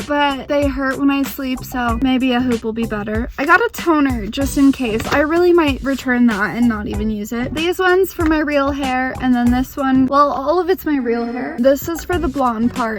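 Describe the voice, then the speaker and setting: Young female vlogger, high-pitched and playful, casual chat over background music. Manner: chatty, self-mocking, playful. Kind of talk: casual vlog.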